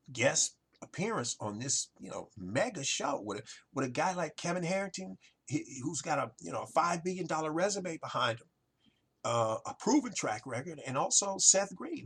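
A man's voice: on the high side, fairly bright tone, slightly rough. A man hosting a marketing talk show, speaking emphatically to his listeners and piling up rhetorical questions. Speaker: podcast host. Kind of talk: motivational marketing monologue.

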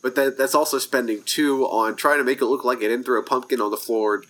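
A man playing a tabletop role-playing game, talking in halting restarts. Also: mid-range voice, fairly even intonation, a bit bright. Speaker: player.

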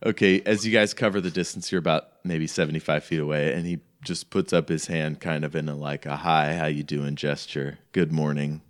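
A man's voice: rumbling low, fairly even intonation, a little fast, few pauses. A man narrating a tabletop game as game master, talking in a casual, rambling way full of "like". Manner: casual, rambling, heavy use of "like".

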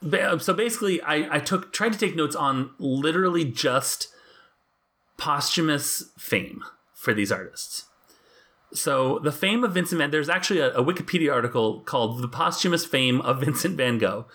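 Bright-voiced joking male podcast co-host. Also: on the high side, animated, moderate pace. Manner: wry, joking, laughs often. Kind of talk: casual chat.

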